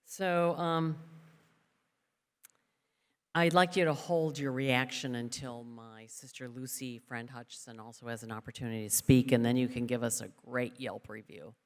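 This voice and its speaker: A woman's voice: rumbling low, fairly even intonation, moderate pace. A woman giving an award acceptance speech in a large event hall, chatty and joking, with fillers. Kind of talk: ceremony speech. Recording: long hall reverb.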